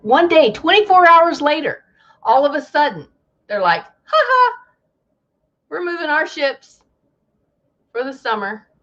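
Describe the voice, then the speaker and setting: A woman's voice: sits high, animated, measured pace, pauses often, fairly bright tone, lo-fi sound. A woman hosting a casual live travel chat, telling news as a story and acting out the people she quotes.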